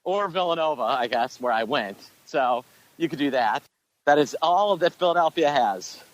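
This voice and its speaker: A man's voice: on the high side, lively intonation, moderate pace. A man co-hosting a podcast, giving casual market commentary in a wry, punning, somewhat hesitant way. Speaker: podcast co-host.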